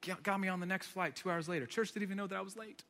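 High, bright-voiced male preacher. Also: big-room sound. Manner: animated storytelling with quick asides. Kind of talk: sermon.

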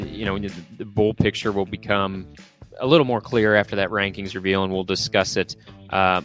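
A man's voice: fairly low pitch, sharp tone. A man hosting a casual sports podcast, talking things over with fillers and putting questions to his co-hosts. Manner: conversational, many fillers and restarts, poses questions to co-hosts. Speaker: podcast host.

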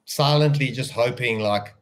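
A man's voice: medium pitch, unhurried. Rambling man in podcast chat. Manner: rambling, restarts sentences with "like". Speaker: podcast co-host.

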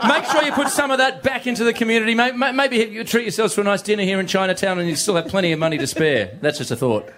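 A man hosting live radio, brisk and announcer-like. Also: high voice. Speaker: radio host. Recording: loud background noise.

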